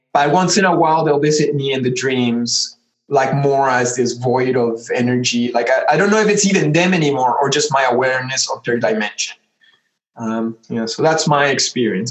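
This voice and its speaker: Rambling man telling a story, echoey room. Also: medium pitch. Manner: rambling, acts out quoted voices, many "like" fillers. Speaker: podcast guest, artist. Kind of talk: casual storytelling.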